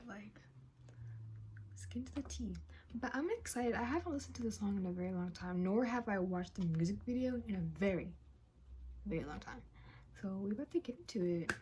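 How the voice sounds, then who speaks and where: 19 y/o girl doing a reaction vlog, super chatty, says like a lot, normal pitch. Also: darkish tone, slight background noise. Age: late teens. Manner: chatty and slangy, full of "like" and "um". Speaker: reaction channel host. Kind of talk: casual reaction vlog chat.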